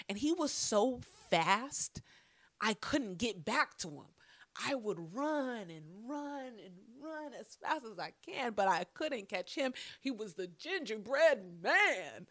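A young woman telling a childhood story in a casual, animated way. She swears freely and acts out the lines people said. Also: a little high, slow, no room sound. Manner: animated, profane, acts out quotes.

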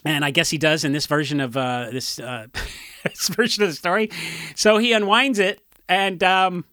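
High, bright-voiced rambling musician, man. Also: normal speed, no echo, clean studio sound. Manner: rambling storyteller, frequent restarts and fillers. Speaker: punk musician discussing a song. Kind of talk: casual chat.

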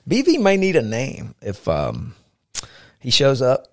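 A man's voice: medium pitch, wildly swooping pitch, a little slow, darkish tone. A man co-hosting a podcast, mixing casual chat with earnest faith teaching, with frequent fillers. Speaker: podcast co-host.

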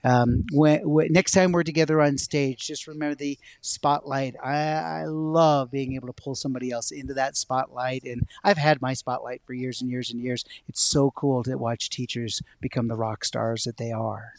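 A man telling a personal story as a guest on a talk show, an animated storyteller. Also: mid-range voice, normal speed, few pauses, dry recording. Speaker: guest, science educator. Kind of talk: storytelling in a conversation.

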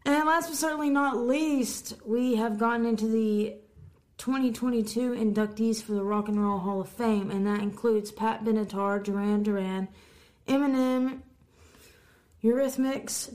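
A woman co-hosting a podcast, reading music news headlines in a casual chat with quick asides and the odd stumble over words. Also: a little high, darkish tone. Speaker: podcast co-host.

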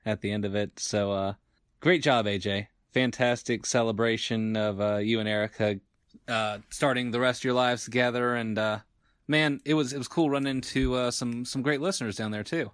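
A man co-hosting a sports podcast, talking in a relaxed, halting way full of pauses. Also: mid-range voice, clear, resonant tone, no echo, studio quality. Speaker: podcast co-host. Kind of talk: casual sports podcast chat.

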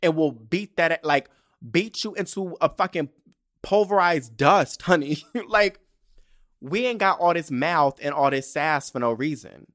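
A young man hosting his own podcast, ranting and telling stories in a sassy, profane, animated way. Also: a little high, measured pace. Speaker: podcast host. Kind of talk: casual solo podcast rant.

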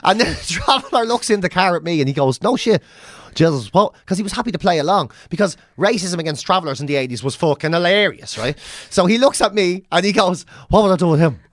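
A Dublin man in his forties spins a crude, animated yarn in casual chat, throwing on voices as he goes. His pitch swings widely, and the sound is dry and close. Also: quick pace, no room sound. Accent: Dublin Irish. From Ireland. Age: 40s. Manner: profane, animated storyteller acting out voices.

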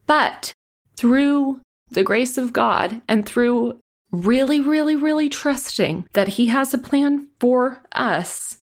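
A woman guest on a podcast, sharing a personal story in a halting, apologetic way while near tears. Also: sits high, lively intonation.

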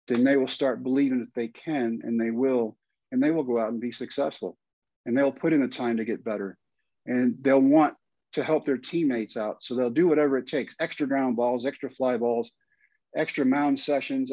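A man's voice: mid-range voice, slightly rough, no room sound, dull audio. A man in his fifties with a Texan accent, a guest telling a long story and acting out the lines people said. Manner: animated storyteller, acts out quoted lines. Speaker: guest, former pitcher and coach. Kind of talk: storytelling in a podcast interview.

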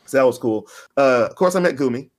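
A man co-hosting a podcast in casual chat, an animated storyteller who acts out the voices of the people he quotes. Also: mid-range voice, fast. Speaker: podcast co-host.

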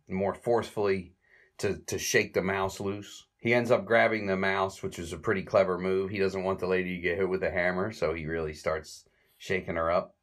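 Deep-voiced guy rambling thru a plot recap, lots of restarts, chuckles here and there. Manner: halting, loose retelling with restarts and chuckles. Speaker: film reviewer recapping a classic comedy short.

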